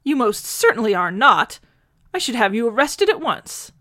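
A woman's voice: medium pitch, sing-song, moderate pace, fairly bright tone, no echo, studio quality, voice pushed up. A woman voicing a fussy, haughty old man who speaks primly and indignantly, often ending with a questioning "hmm".

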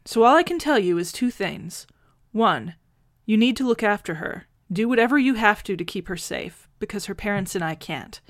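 A woman playing a brisk, affectionate time traveller. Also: mid-range voice, lively intonation, dry recording, studio quality, pitched above the performer's own voice, natural voice. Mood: brisk, fond. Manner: brisk and fond.

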